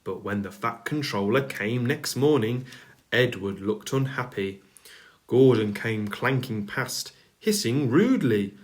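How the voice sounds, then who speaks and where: A man reading a children's storybook aloud, calm and measured. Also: mid-range voice. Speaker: narrator.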